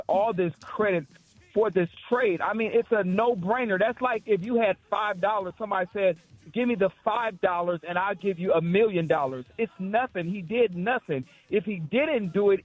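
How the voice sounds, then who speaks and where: A man's voice: high voice, moderate pace, dry recording. A man calling in to a sports radio show, insistent and arguing his point. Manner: insistent, argumentative. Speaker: caller. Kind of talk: call-in radio talk. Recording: tinny dry phone line.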